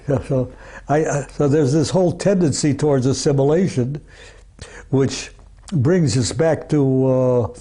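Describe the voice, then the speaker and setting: A man's voice: mid-range voice, a little slow, warm tone, breathy edge. A man being interviewed as an archivist, talking in a rambling, casual way, full of restarts and asides like "you see" and "you know.".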